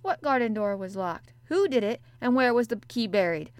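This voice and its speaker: A woman voicing a spoiled, sickly boy who is imperious and weary, speaking higher and more insistently. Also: expressive, a little fast, natural voice. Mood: eager. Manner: demanding, raised pitch.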